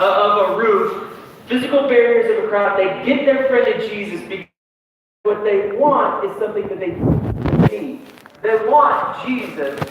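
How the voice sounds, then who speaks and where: A man in his thirties preaching a sermon as a pastor, telling stories in a lively, dramatic, conversational way. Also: high voice, slight background noise. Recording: echoey hall from far off.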